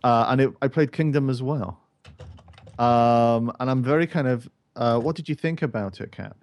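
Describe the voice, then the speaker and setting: A man's voice: medium pitch, normal speed, a little mellow, no echo. A man from Scotland hosting a casual gaming chat, hesitant with many ums, asking the others what they played. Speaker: podcast host.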